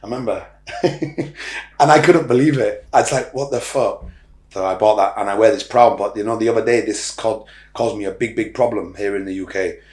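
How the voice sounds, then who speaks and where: A man's voice: lowish voice, a little fast, darkish tone. A middle-aged man from Ireland, a podcast guest, talking bluntly and rambling, with frequent swearing. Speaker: podcast guest, social media influencer. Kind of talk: casual interview talk. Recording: roomy echo.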